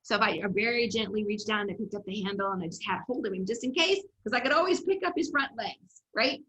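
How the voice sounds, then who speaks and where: A woman development coach giving an upbeat, animated presentation on a video call, telling stories to her class. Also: mid-range voice, fast, low-quality recording.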